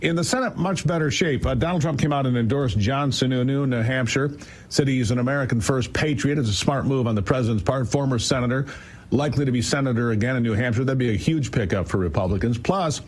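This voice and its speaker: A man's voice: mid-range voice, quick pace. Emphatic male political commentator. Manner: emphatic, incredulous, rhetorical questions. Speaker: guest commentator.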